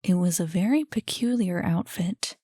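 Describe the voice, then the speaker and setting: A woman narrating a novel aloud in an even, matter-of-fact way. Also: lowish voice, normal speed, slightly rough, no echo, clean studio sound. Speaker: audiobook narrator.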